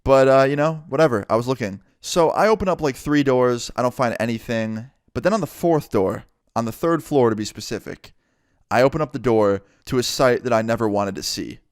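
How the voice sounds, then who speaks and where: A young man narrating a storytime video in a casual, animated, profane way. His voice sounds smooth and clear in an utterly dry, close recording, sitting at an ordinary male pitch. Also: a little fast, dry recording.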